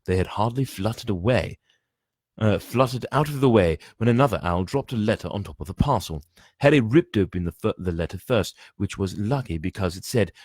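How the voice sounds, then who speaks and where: A man's voice: lowish voice, lively intonation, fairly quick, a little mellow, no room sound, clean studio sound. A man reading a book aloud, often stumbling and restarting, with chatty asides. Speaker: reader.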